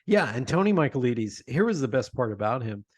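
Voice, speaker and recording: Lively, dry-sounding man telling stories. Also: medium pitch, a little fast, no room sound. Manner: animated storyteller, laughs often. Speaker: podcast host, guest. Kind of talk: conversational interview.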